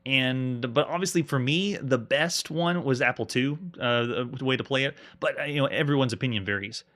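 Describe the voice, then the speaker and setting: At a normal speed, a man with a mid-range, slightly bright voice streams himself playing an old adventure game. He reads the on-screen text and talks with viewers in between commands, offering live gameplay commentary.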